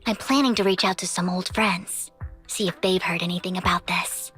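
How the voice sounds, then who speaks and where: An actress voicing a composed, devoted young woman in a game, speaking in a measured, earnest way with a breathy voice. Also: fairly low pitch, fairly even intonation, a bit bright, faint music behind, close to an everyday voice. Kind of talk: game voice acting.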